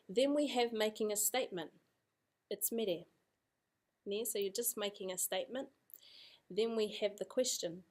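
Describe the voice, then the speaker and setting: A woman's voice: mid-range voice, normal speed. A woman teaching a language lesson, casual and encouraging, repeating drills aloud.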